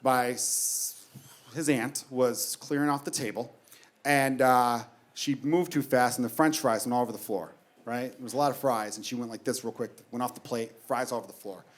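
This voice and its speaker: A man's voice: medium pitch, moderate pace. A man in his thirties doing a stand-up routine on stage, telling stories about his kids with plenty of swearing and acted-out dialogue. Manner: animated storytelling, swearing, acts out his kids. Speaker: stand-up comedian. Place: comedy stage before a laughing audience.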